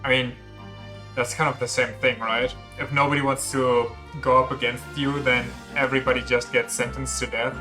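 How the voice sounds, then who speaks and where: A male streamer chatting casually over gameplay, joking and offhand, in a mid-pitched voice. Game music plays loudly behind him. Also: little pitch movement, normal speed.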